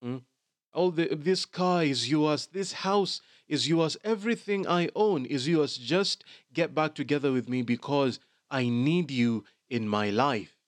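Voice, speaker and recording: A chatty man runs a celebrity gossip vlog, mixing slang into his English. His voice sits a little high. The sound is dry and close, with no room around it. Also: a little slow, dry recording. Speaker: gossip commentator. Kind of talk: casual commentary vlog.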